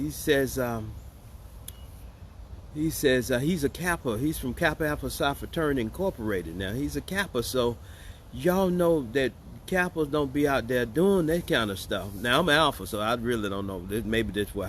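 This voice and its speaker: A man's voice: mid-range voice, slight background noise. A man hosting casual political commentary, joking and sarcastic as he talks straight to his viewers. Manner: joking, sarcastic and chatty, addressing viewers as y'all. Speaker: host.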